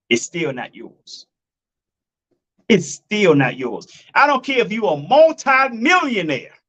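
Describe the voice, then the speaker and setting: Blunt profane man, high voice, lo-fi. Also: a bit bright. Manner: blunt, profane, repeating points for emphasis; addresses listeners as folks and family. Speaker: commentator. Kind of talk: preachy relationship commentary.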